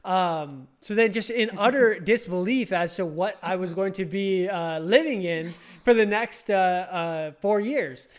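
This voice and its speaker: A man's voice: high voice, a little slow. A young man casually recounting a story, rambling with lots of fillers and restarts. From California. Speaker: podcast host.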